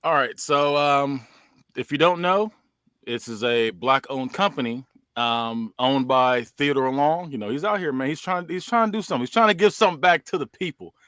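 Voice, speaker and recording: A man's voice: medium pitch, normal speed, fairly bright tone, clean tone, no room sound. A man co-hosting a podcast, narrating a fantasy wrestling show in casual chat with loose slang and frequent laughter.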